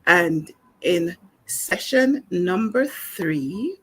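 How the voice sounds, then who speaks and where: A woman from Jamaica teaching a spoken language lesson in a calm, explanatory way, with small restarts. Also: fairly low pitch, drawn-out words, husky.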